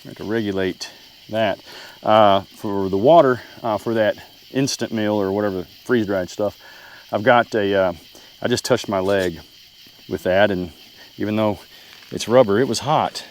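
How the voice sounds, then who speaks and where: A man's voice: lowish voice, normal speed. Oklahoma guy, middle-aged, rambling camp vlog at his truck, talks to his dog, faint bug noise behind. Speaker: camping vlogger. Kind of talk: casual camping vlog. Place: in and around a truck at a campsite.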